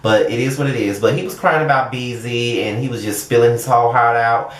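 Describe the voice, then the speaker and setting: A young man giving a blunt, profane, animated casual commentary as a show reviewer. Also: medium pitch, a little fast, roomy sound.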